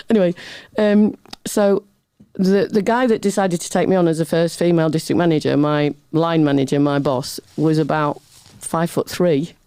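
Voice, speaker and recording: A middle-aged woman with a warm, mellow voice spins one funny story after another as an interview guest. Her delivery is chatty and self-mocking, and she laughs easily between lines. The sound is close and dry, with no room in it. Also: sits low, normal speed, clear, resonant tone, dry recording. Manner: chatty, animated anecdotes with laughter; self-deprecating humor.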